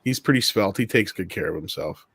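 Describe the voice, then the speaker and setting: A man co-hosting a casual podcast over a video call, animated and joking, swearing freely. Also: deep voice, fairly quick, vocal fry, breathy edge, no room sound. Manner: animated, swears, does silly voices. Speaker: podcast co-host. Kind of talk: casual chat.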